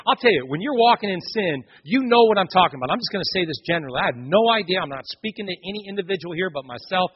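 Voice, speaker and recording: A man's voice: sits high, animated, fast talker, husky. A man preaching a sermon, speaking emphatically and telling stories as he addresses the congregation directly. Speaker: pastor. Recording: echoey hall, dull lo-fi recording.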